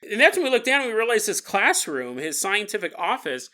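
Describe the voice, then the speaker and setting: A man's voice: high-pitched, big pitch swings, fairly quick, sharp tone. A male podcast host who tells comedic paranormal stories in a playful, jokey way, often laughing as he talks.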